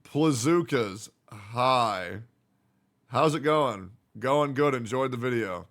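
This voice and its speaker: A man streaming live, reacting to a video and reading viewer comments aloud in a joking, profane way that swings between loud hype and low mumbling. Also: lively intonation, takes it slowly. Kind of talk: casual livestream reaction chat.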